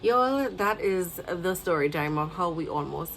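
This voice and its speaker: Trinidadian woman telling an animated story. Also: fairly low pitch, measured pace, slight background noise, rough recording. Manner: animated, emotional storytelling with quoted dialogue. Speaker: vlogger. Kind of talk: storytime vlog.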